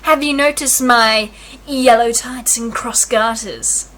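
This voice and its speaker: A woman voicing a pompous, lovestruck male steward who purrs his words slowly and simpers. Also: fairly high pitch, a bit bright. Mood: simpering. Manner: slow, purring, simpering.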